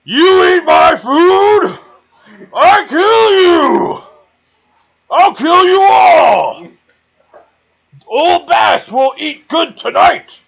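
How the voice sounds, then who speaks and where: A man's voice: extremely high pitch, lively intonation, unhurried, vocal fry, hardly any pauses, fairly bright tone, pitched above the performer's own voice, heavily acted. A man voicing a blind, ravenous old cannibal hobo who lives in a sewer and throws screaming tantrums, on a muffled lo-fi recording. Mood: screaming rage. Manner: shrieking threats, throwing tantrums.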